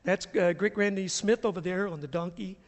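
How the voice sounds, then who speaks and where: A middle-aged man from the US South, a pastor preaching a sermon and telling stories in an animated, chuckling way. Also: sits high, brisk, long reverb tail. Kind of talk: sermon with storytelling. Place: church sanctuary.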